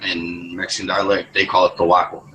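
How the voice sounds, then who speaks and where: A man with a lowish voice talks loosely in a casual group chat. He rambles, swears freely and restarts his sentences again and again. A faint hiss of noise sits behind him. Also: completely flat delivery, fairly quick, pushed and bright, dull audio. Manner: rambling, profane, many restarts. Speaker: lobby chat participant.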